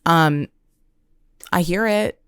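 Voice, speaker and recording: A young adult woman hosting a podcast, telling a comedic monologue with deadpan, dramatic exaggeration. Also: lowish voice, very slow, clean tone, no room sound. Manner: deadpan, dramatic storytelling with self-mocking exaggeration. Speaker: podcast host.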